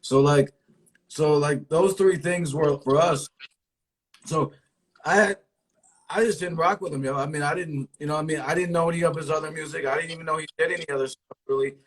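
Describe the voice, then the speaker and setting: A man's voice: a little high, fairly even intonation, brisk, poor audio. A man from the East Coast of the US, talking frankly and emphatically with lots of slang in a casual conversation. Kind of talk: casual chat.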